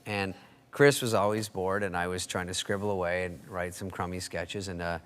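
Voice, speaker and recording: A man on a talk show telling a funny story about a friend, with animated bursts where he mimics the friend's shouting. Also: low-pitched, moderate pace, a little hiss or hum. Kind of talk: casual storytelling. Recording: talk show with loud audience.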